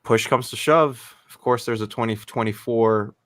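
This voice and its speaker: A man's voice: mid-range voice, moderate pace, a bit bright, no echo. A man as a guest in a casual chat, talking eagerly and rambling with fillers.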